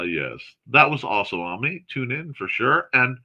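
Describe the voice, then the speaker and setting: A man hosting a morning livestream, chatting casually and reading viewer comments aloud in a chatty, excitable way with snarky asides. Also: mid-range voice, a little slow. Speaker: host of a morning livestream chat show.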